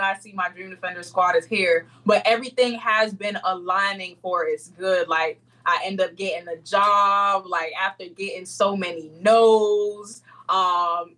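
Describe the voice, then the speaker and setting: A young adult woman speaking as an interview guest, expressive and heartfelt, laughing often in casual chat. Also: medium pitch, poor audio.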